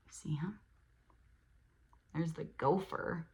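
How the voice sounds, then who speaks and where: A woman reading a children's picture book aloud as host, animated, with playful sound effects and asides to her listeners. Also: on the low side, slow pace, a little hiss or hum. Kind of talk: storybook read-aloud for children.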